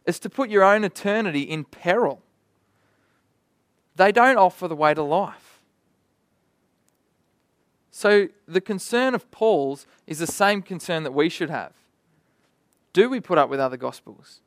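A young man delivers a sermon in an animated, conversational manner, dropping in vivid asides. His voice sits a little high for a man. The sound is close and dry, with almost no room around it. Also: measured pace, long pauses, no room sound. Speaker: preacher.

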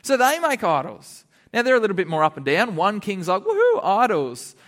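A man giving a lively Bible lesson to children, laughing often and acting out the characters. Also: sits high, brisk. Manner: animated, laughing, acts out characters. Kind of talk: lively kids' sermon.

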